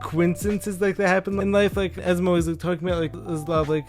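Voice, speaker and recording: A man's voice: high-pitched, level tone, fast, faint music behind. A young man hosting a podcast, asking long rambling questions with "like" and "um" in nearly every phrase. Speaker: podcast host. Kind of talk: casual podcast interviewing.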